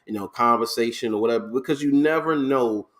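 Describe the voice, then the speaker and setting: A man's voice: medium pitch, fairly quick, fairly bright tone. A man co-hosting a podcast, speaking in an easygoing, thoughtful, casual way. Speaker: podcast co-host.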